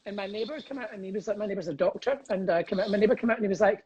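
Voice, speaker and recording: A middle-aged Scottish man, a comedian, telling cheeky anecdotes over a video call, quick and giggly, acting out voices in his stories. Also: high-pitched, lo-fi sound, a little hiss or hum. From Scotland. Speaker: comedian guest. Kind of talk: casual storytelling chat.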